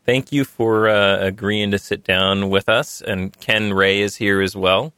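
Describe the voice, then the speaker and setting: On a dry recording, a male podcast host speaks a bit slowly in a lowish, clean voice. He keeps things relaxed and chatty with his guests in casual tech talk, working the sponsor spot in conversationally.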